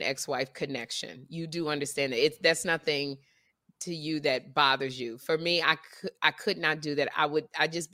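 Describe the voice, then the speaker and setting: Bright, animated woman talk host. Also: sits low, no room sound, clean studio sound. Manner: animated, teasing storyteller. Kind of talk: comedic casual chat.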